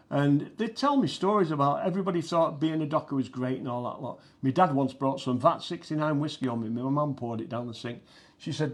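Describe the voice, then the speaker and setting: A man's voice: on the high side, a little mellow. An older man, co-hosting a chat show and laughing through his anecdotes. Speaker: co-host. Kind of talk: casual chat. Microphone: live show mic.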